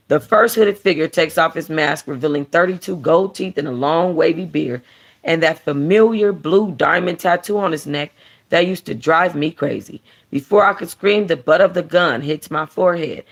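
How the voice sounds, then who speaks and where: A woman hosting a book club, reading a novel aloud and then chatting casually in an animated, slangy way. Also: low voice, normal speed. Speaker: book club host and reader.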